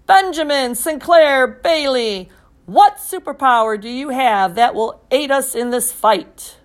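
A woman reading an audiobook voices a middle-aged father who talks in booming, commanding speeches. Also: unhurried. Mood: grandiose. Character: boisterous pompous superhero dad, middle-aged man. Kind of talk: audiobook character voice.

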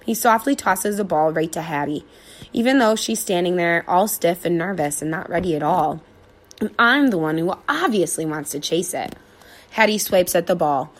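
A woman narrating a children's storybook aloud in an expressive, animated way. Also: lowish voice, moderate pace.

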